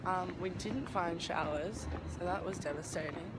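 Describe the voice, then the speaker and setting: A young woman chatting casually to camera in a vlog, giggly and jokey, full of fangirl excitement. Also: fairly low pitch, normal speed, very noisy. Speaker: vlogger.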